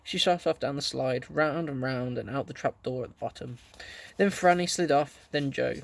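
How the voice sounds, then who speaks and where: A man reading a children's story aloud, gently telling it and lightly voicing the characters. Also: medium pitch, normal speed, gravelly. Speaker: audiobook reader.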